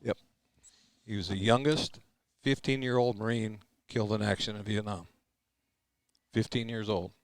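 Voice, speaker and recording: An older man talks in a low voice with blunt, clipped replies. He is a guest in casual chat, recorded dry and close with no room sound. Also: steady tone, moderate pace, no room sound. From United States. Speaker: guest, Vietnam veteran.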